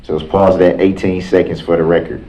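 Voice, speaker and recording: A man with a very low, dark voice questions a witness in a courtroom cross-examination. He speaks haltingly, repeating himself and restarting his phrases. The sound is dull and lo-fi, with a roomy courtroom echo. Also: little pitch movement. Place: large courtroom.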